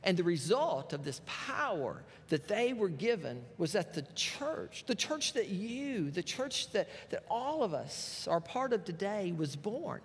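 A man's voice: high voice, sing-song, a little slow, few pauses. A male pastor, preaching a sermon and retelling scripture with folksy asides. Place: church sanctuary. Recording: long reverb of a church hall.

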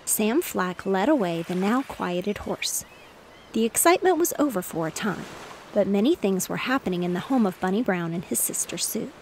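Lady reading a bedtime story, soft and even, faint waves in back. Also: medium pitch, normal speed, a little hiss or hum, low-quality recording. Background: ocean waves.

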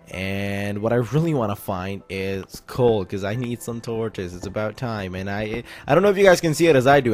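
Young man talking through a Let's Play in a chatty, rambling way, jumping between jokes and asides as he plays. His voice sits at an ordinary middle pitch. Faint game music plays behind him. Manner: rambling, jokey self-talk. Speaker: gaming YouTuber.

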